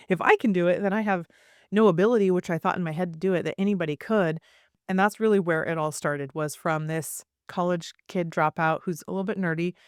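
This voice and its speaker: A woman's voice: fairly low pitch, no room sound, clean studio sound. A woman of around forty, a podcast guest, telling her story with energy and acting out the voices of people she quotes. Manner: acts out quoted voices, fast bursts with many asides. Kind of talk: animated storytelling in a podcast interview.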